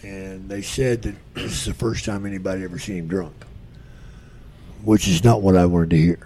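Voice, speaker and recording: A man's voice: sits low, fairly even intonation, moderate pace, mellow, a little hiss or hum. An older man, a podcast guest, telling profane stories in a drawl and acting out the voices of the people in them. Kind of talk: casual storytelling.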